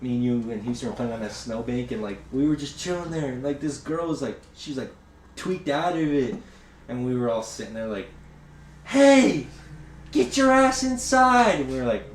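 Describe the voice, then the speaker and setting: A man's voice: medium pitch, quick pace. Young male podcast host, rambling profane storyteller, roomy echo, faint hiss. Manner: rambling, profane, acts out quotes loudly. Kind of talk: casual storytelling chat. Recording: echoey room with faint noise.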